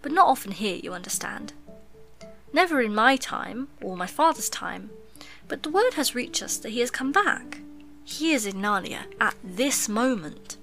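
A woman's voice: fairly high pitch, very animated, normal speed, a bit bright, faint music behind. A woman voicing a gloomy, earnest male beaver in a storybook reading, confiding and dramatic. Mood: eager.

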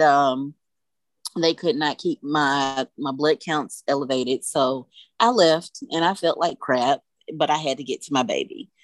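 A woman's voice: deep voice, no room sound. A woman telling a personal story in a candid, emotional way. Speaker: mother telling her story.

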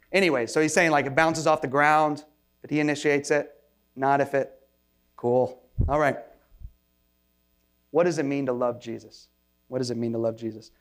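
A man's voice: medium pitch, creaky. Male pastor, conversational sermon delivery, self-deprecating and loose, often restarts his sentences. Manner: informal, self-deprecating asides with frequent restarts.

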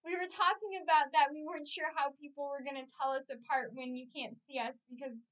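Upbeat high-voiced young woman. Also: fairly even intonation, fairly quick, fairly bright tone, recorded from a distance. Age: young adult. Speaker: podcast co-host. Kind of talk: casual chat.

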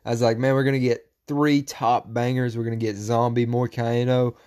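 A man hosting a combat-sports podcast, talking casually and profanely, breaking into loud, animated rants. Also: mid-range voice, moderate pace. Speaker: podcast host.

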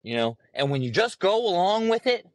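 A man's voice: high-pitched, very animated, moderate pace, dry recording. Fired-up profane man ranting. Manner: heated, profane, emphatic, repeats phrases. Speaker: podcast host. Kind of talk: profane opinion rant.

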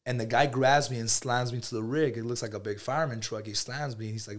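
Podcast guest: rapid-fire male storyteller, casual slang, animated delivery. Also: mid-range voice. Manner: animated and slangy, calls listeners bro.

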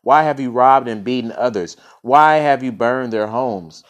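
A man voicing a kind, gentle king in a storybook reading, speaking in a soft, fatherly way. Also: mid-range voice, measured pace, close to an everyday voice.

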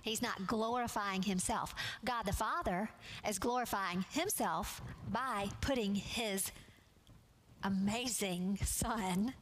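A woman's voice: medium pitch, slight background noise. Earnest woman teaching a Bible class. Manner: measured and earnest, stressing key words.

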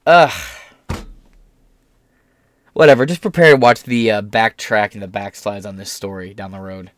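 A man's voice: lowish voice, steady tone, moderate pace, a bit bright, no echo, studio quality. A young man talking through a casual commentary vlog, sarcastic and mocking, swearing freely. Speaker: political commentator.

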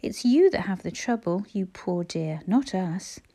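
A woman reading as a kind, brisk mother. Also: on the low side, animated, vocal fry, mellow, full character voice. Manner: brisk, caring.

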